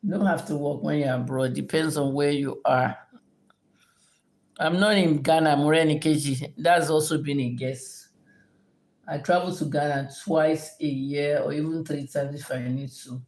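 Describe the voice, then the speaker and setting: A woman's voice: low-pitched, fairly even intonation, normal speed, a little mellow. A middle-aged woman from Nigeria, hosting a livestream and scolding her viewers in a combative, profane manner. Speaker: livestream host answering viewers. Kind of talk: livestream rant and Q&A.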